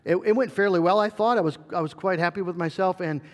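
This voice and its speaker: A man's voice: sits high, quick pace, in a large hall. A middle-aged male pastor preaching a sermon in an earnest way, with fillers and restarts.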